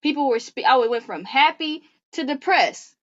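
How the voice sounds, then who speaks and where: A woman guest on a faith-based podcast, talking earnestly in an animated, preacherly way. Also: sits high, moderate pace, muffled recording.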